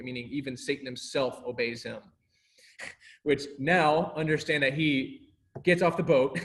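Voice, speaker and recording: A man teaching a casual Bible class, animated and laughing often, acting out the people he quotes. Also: fairly high pitch.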